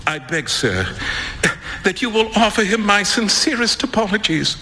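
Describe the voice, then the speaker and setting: A man voicing a sulky, embarrassed young gentleman who thinks himself unlucky. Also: high voice, very animated, normal speed, big-room sound, voice pushed up, exaggerated voice.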